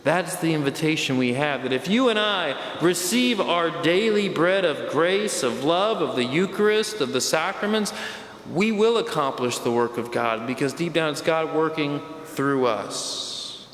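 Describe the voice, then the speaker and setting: A man, a priest preaching a sermon, speaking emphatically and slowing down, dropping low on key words. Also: animated, a bit bright, a little hiss or hum. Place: church. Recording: echoey church hall from a distance.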